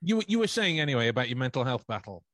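Podcast host with a lively, mid-pitched voice. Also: male voice, racing, dry recording, clean studio sound. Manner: relaxed, brief interjections, stumbles at the start of sentences. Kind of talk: casual chat.

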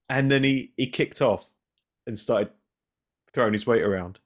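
A man co-hosting a casual podcast chat, rambling through anecdotes and getting animated as he laughs. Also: mid-range voice, a little slow, pauses often. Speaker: podcast co-host.

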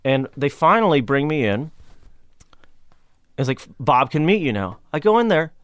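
A man's voice: a little high, big pitch swings, moderate pace, clean tone, no room sound, studio quality. A man from Kentucky, a comedian guest telling a story in a casual interview, rambling, swearing and restarting often. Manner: rambling, profane, frequent restarts.

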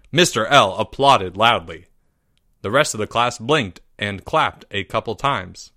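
Brief: male narrator, storybook reading, bright clear tone, unhurried, dry booth. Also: mid-range voice, dry recording. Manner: measured, expressive reading.

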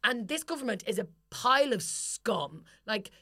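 An Irish woman co-hosting a podcast, chatting casually with sweary, animated rants and storytelling. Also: on the high side, normal speed, no room sound, clean studio sound. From Ireland. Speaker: podcast co-host and comedian. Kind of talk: casual chat.

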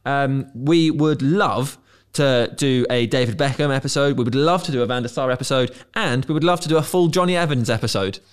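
A man hosting a podcast, chatting briskly and reading out listener emails. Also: medium pitch, clear, resonant tone. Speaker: podcast host.

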